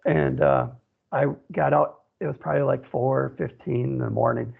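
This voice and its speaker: A man from central Wisconsin tells a story as a radio guest, rambling and looping back with "you know". His voice is gravelly and husky. It comes through a thin, phone-like line. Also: mid-range voice, steady tone, normal speed. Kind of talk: telling a personal story in an interview.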